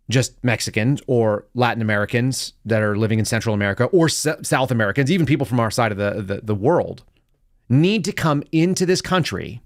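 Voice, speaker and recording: A middle-aged man hosting a live political commentary show, sarcastic and animated, dropping to a low mutter and then rising into loud outbursts. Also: dry recording, studio quality. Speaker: podcast host.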